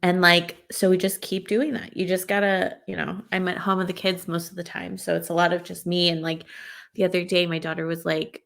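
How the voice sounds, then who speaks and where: A woman's voice: on the low side, level tone, brisk, gravelly, a bit bright. A woman talking as a podcast guest in a chatty, frank way, often laughing. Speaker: podcast guest, stay-at-home parent. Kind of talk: casual podcast conversation.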